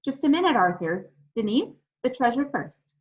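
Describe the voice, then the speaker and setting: A woman's voice: on the high side, very animated, moderate pace, pitched above the performer's own voice. A woman reading aloud, voicing a firm, bossy young schoolboy who gives orders. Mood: stern. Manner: firm, commanding. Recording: dull lo-fi recording.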